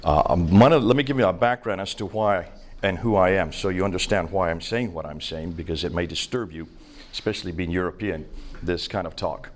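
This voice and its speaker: A man's voice: low-pitched, fairly quick. An older man from India with an American accent, lecturing a live audience in an emphatic, conversational storytelling way. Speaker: speaker at a seminar.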